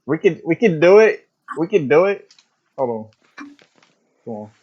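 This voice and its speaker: A man's voice: on the high side, sing-song, unhurried, breathy edge, muffled recording. A young man playing a tabletop game, joking, laughing and swearing casually. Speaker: player.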